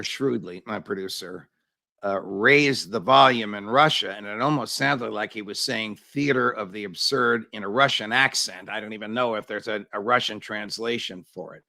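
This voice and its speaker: A male interview host with a gravelly, bright edge to his voice. He probes his guest with searching questions, stopping often to restart his sentences. The sound is dry and close to the mic. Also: mid-range voice, no echo. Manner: probing, pauses with fillers and restarts. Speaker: show host.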